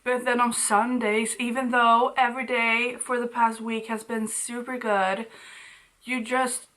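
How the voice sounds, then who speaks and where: A woman book vlogger reacting casually to a novel as she reads, gushing and excitable, often laughing. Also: a little high. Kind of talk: casual reading reactions to camera.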